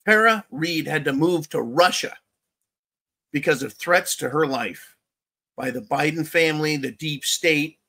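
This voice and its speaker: A man rants angrily on his own channel, delivering political commentary packed with heavy swearing, repetition and sarcastic asides. His voice sits on the high side, with a measured pace and a sharp tone.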